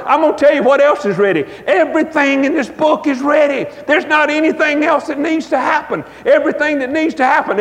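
High-voiced preacher in a reverberant hall. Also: male voice. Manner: folksy, emphatic, drawn-out preaching cadence. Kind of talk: revival sermon with storytelling. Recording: long reverb of a church hall.

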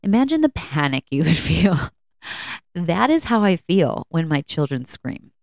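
Low, gravelly woman podcast host. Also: big pitch swings, a little slow, a little mellow, no room sound, studio quality. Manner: candid, chatty, with many fillers and restarts. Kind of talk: casual personal talk. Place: at home.

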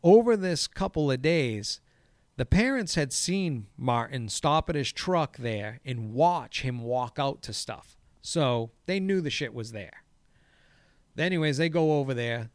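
A man's voice: mid-range voice, smooth, no echo. A man, a golf course crew boss, telling a story in casual chat, swearing freely and acting out the quoted dialogue. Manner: profane, acts out quoted dialogue.

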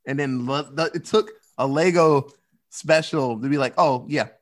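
A man's voice: on the high side, normal speed. A man co-hosting a podcast in casual chat, rambling and acting out quotes. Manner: rambling, animated quoting. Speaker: podcast co-host.

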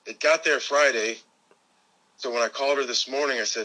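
A man's voice: mid-range voice, brisk, sharp tone, low-quality recording. A man from Florida, a guest calling in by phone, chatting casually and joking easily. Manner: easygoing, joking, chuckling storyteller. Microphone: phone call.

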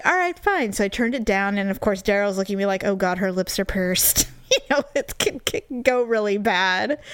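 A woman co-hosting a podcast, telling a story in casual chat, animated and swearing, putting on mocking voices. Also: medium pitch, no echo. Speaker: podcast co-host.

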